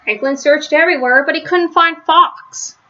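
A woman reading a children's story aloud, gentle, with small slips and restarts, on a slightly lo-fi recording. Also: high-pitched, moderate pace. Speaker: storybook reader.

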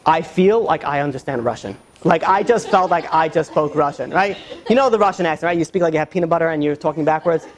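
A man teaching as a rabbi in an informal lecture, halting and full of "you know" fillers and restarts, with joking asides. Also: a little high.

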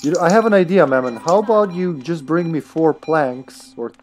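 A man chatting casually while playing a co-op game on stream, quick and prone to swearing when flustered. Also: fairly high pitch, expressive, a little mellow, faint music behind. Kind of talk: casual gaming chat.

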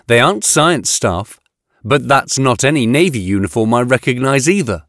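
A man's voice: medium pitch, expressive, normal speed, a bit bright, no room sound, studio quality. A male audiobook narrator voicing a level-headed woman officer who speaks steadily and directly. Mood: steady.

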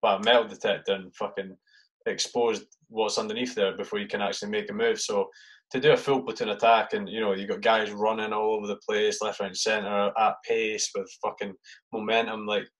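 A man with a lowish voice hosts a podcast in loose, casual chat. He rambles with plenty of fillers and swears freely as he sets up questions. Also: little pitch movement, a little fast, fairly bright tone, rough recording. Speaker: podcast host.

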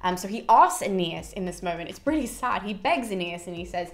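A woman casually retelling a myth in a chatty, animated way with the odd swear word. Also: medium pitch, fairly quick, hardly any pauses. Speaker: mythology channel host.

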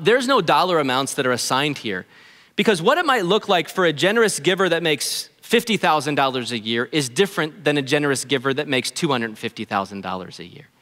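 Earnest man preaching in a reverberant hall. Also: high voice. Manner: earnest, animated preaching, acts out listeners' thoughts. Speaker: pastor. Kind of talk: sermon. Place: church auditorium.

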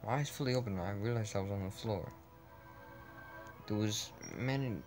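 A man's voice: lowish voice, normal speed, long pauses, darkish tone, soft background music. A man reading a text adventure game aloud as a let's play, often stumbling over words and breaking off with puzzled asides.

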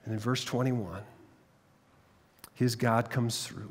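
A man preaching a sermon, telling the story dramatically and dropping to hushed tones at tense moments. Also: mid-range voice, fairly even intonation, slow pace, pauses often, breathy edge. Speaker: pastor. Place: church sanctuary. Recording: long reverb of a church hall.

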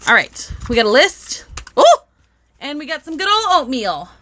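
A woman's voice: high-pitched, sing-song, moderate pace, fairly bright tone. A young woman, chatting bubbly on a live stream as she unboxes toys and greets viewers.

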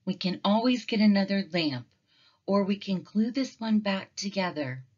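A woman voicing a calm, caring mother bear in a storybook read-aloud, soft and patient. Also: mid-range voice, normal speed, dull audio, natural voice. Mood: sad.

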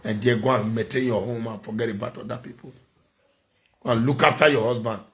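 A man's voice: medium pitch, steady tone, a little fast, fairly bright tone. Scolding man with a Nigerian accent. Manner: scolding, preachy, repeats phrases for emphasis. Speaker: commentator. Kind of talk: ranting vlog commentary.

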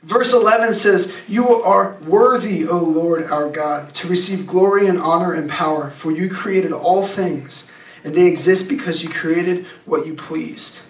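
A young adult man giving a youth sermon, talking casually and emphatically and slowing down to read scripture. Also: high voice. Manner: emphatic, conversational preaching with slowed scripture reading. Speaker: youth pastor. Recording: echoey room, distant mic.

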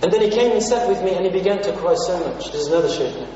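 A male preacher from Australia tells a moving story to his congregation, calling them brothers and sisters and slipping into Arabic phrases. His voice sits unusually high for a man. It was caught from well off the mic in a hall with long, heavy reverb, on a dull, muffled lo-fi recording. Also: lively intonation, very fast, dark tone, recorded from a distance, slight background noise. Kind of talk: sermon storytelling.

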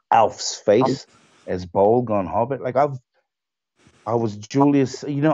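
A man's voice: medium pitch, warm tone, no echo. Man, actor guest, emphatic storyteller, dry close sound, muffled lo-fi stream. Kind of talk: casual interview chat.

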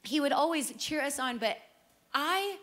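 A woman's voice: high-pitched, animated, a little slow, a bit bright. A middle-aged woman giving an earnest, emotional personal testimony as a worship singer. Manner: earnest storytelling, emotional, with repeated phrases.

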